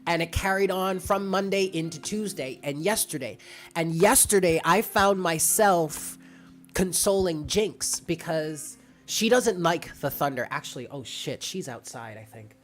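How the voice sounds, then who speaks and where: Low-pitched woman, tarot streamer, rambling casual chat over soft lo-fi music. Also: unhurried. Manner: chatty, rambling, reads out viewer comments. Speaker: tarot reader. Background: faint lo-fi music.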